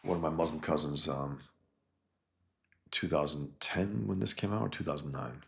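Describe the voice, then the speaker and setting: A man's voice: extremely low pitch, moderate pace, creaky, a bit bright. A man casually reviewing a comic book, rambling and thinking aloud.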